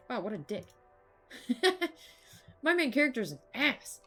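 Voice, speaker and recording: A woman's voice: high voice, sing-song, takes it slowly, long pauses, pushed and bright, soft background music. A woman playing a video game, making casual, swearing comments to herself. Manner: casual, swearing, laughing asides. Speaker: gamer. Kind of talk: let's-play commentary.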